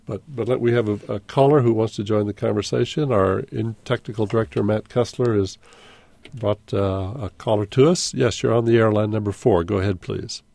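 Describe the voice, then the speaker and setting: A man's voice: on the low side, fairly even intonation, fairly quick, creaky, darkish tone, dry recording. A man hosting a call-in radio discussion, thoughtful and stopping to restart his phrases. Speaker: radio talk show host.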